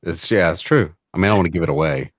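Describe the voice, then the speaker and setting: A man's voice: deep voice, rapid-fire. A man co-hosting a casual chat, mostly agreeing in short replies and adding dry jokes.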